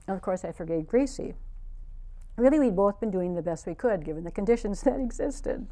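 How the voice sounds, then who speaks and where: A woman's voice: mid-range voice, dark tone. A woman, a meditation teacher, giving a spiritual talk built around a personal story, earnest and reflective.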